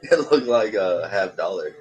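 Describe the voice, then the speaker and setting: Deep-voiced joking stream host. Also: male voice, animated, a little slow, a little hiss or hum. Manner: crude, jokey, laughs often. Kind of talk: casual live-stream chat.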